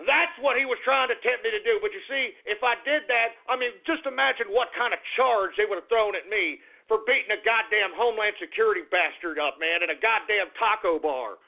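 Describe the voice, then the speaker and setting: A radio host rants on air, his voice high-pitched and rough with gravel as he swears and repeats himself. The sound is thin and tinny, like a phone line. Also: a little fast, hardly any pauses. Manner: agitated, profane, repetitive rant. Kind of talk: ranting talk radio monologue.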